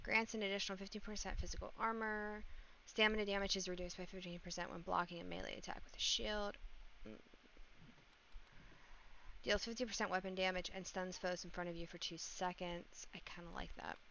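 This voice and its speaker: A woman's voice: fairly low pitch, little pitch movement, a little fast, a bit bright, muffled recording, a little hiss or hum. A woman streaming a game live, thinking aloud and reading out the game's text as she plays. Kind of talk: casual live-stream commentary while playing.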